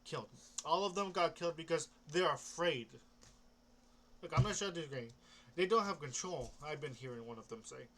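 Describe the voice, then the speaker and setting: A man's voice: a little high, normal speed, fairly bright tone. A young man rambling casually about comics, hesitant, restarting often and swearing offhandedly. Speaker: comic book vlogger.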